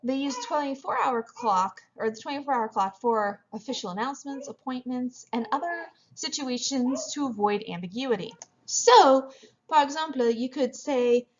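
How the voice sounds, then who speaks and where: Lady teaching french, kinda high voice, muffled lo-fi mic. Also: animated, normal speed. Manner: explains step by step, mixing in French phrases. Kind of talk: classroom lecture over slides.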